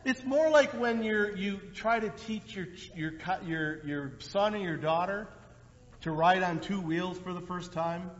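Preaching pastor, man, fairly high voice, conversational sermon, dull lo-fi recording with long hall reverb. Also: a little slow. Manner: conversational preaching, animated when voicing quotes.

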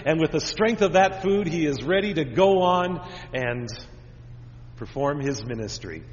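A pastor giving a children's sermon, talking gently with the kids and asking them lots of simple questions. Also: male voice, fairly high pitch, animated, a little slow, a little hiss or hum. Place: church. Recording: dull recording with long church reverb.

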